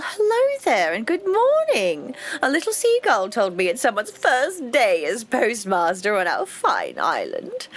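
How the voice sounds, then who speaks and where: A woman voicing a pompous, self-important woman mayor who gives grand, self-congratulatory speeches. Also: fairly high pitch.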